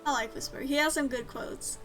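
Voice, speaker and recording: A woman's voice: sits high, steady tone, normal speed, a bit bright. A woman streamer chatting casually and giggling as she plays a game, rambling with enthusiasm. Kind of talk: casual let's-play commentary. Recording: voice over game music.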